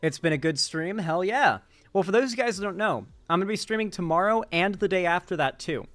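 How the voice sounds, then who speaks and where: A young man who streams political commentary speaks a little fast in a high, expressive, fairly bright voice, with faint music behind him. As he finishes his live stream, he chats sleepily and casually, rambles in a relaxed way, and thanks chat while reading out donations.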